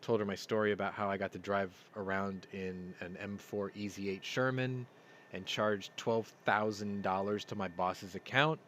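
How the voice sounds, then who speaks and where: A man hosting a casual live-stream chat, rambling through stories and getting loud and excited as he tells them. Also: lowish voice, moderate pace, a little hiss or hum. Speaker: podcast host. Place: home room. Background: yard work outside.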